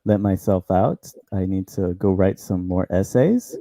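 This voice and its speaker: Dark, low-key male guest. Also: expressive, a little slow, creaky, no echo, studio quality. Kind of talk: casual online chat.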